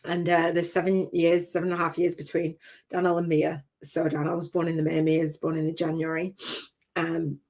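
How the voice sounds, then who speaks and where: A woman's voice: low-pitched, flat delivery, a little fast, a little mellow. Tearful older woman, heartfelt. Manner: tearful, laughing, heartfelt and rambling. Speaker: spiritual business coach. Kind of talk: emotional personal talk on a livestream.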